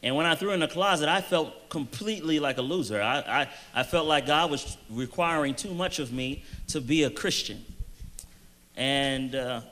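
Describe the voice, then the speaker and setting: Bright-voiced man giving earnest testimony. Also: a little high. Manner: earnest storytelling with hesitant restarts and emphatic slowed phrases. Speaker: youth panel speaker. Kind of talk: personal testimony in a panel Q&A.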